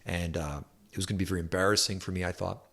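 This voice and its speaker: A chiropractor telling a story to camera in a relaxed, anecdotal way with wry asides. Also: male voice, deep voice, very fast, gravelly. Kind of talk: storytelling health talk to camera.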